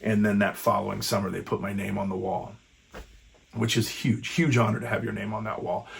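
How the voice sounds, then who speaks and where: A man's voice: on the low side, level tone, brisk, gravelly, husky. A stand-up comedian in his fifties telling a rambling, profane story in a casual vlog. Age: 50s. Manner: rambling, profane, frequent restarts.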